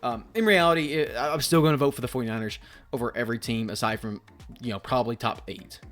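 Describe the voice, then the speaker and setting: Young guy ranting about rankings, swears a lot, mutters then gets loud, faint music behind. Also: medium pitch, fast. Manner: rambling, profane, swings between mumbling and loud outbursts. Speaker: sports video host. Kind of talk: casual commentary vlog.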